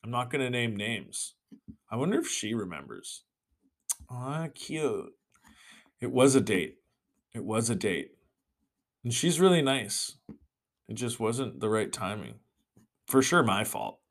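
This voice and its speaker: A young man hosting a solo podcast, ranting with swearing and sudden shouted bursts. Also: mid-range voice, sing-song, unhurried, long pauses. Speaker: podcast host.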